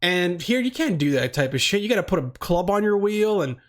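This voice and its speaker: A man's voice: high-pitched, very animated, a little fast. Rambling, profane young man. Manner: rambling, profane, laid-back slang. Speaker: podcast host. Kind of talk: casual solo podcast talk.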